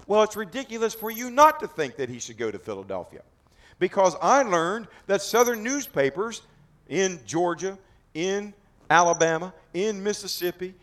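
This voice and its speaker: Dramatic man giving a history tour. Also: a little high. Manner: dramatic, rhetorical questions, emphatic. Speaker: battlefield tour guide. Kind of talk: outdoor history talk to a group.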